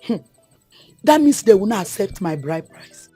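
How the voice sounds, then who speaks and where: A man's voice: high-pitched, big pitch swings, normal speed, warm tone, slightly rough, no echo, faint music behind, exaggerated voice. A man playing a worried broke groom. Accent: Nigerian. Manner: complaining, pidgin-laced.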